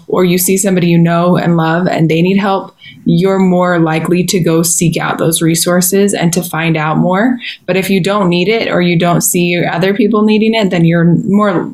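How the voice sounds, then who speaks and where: American woman podcast co-host, lower register, measured and explanatory. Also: fairly even intonation, a little mellow. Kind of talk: casual chat.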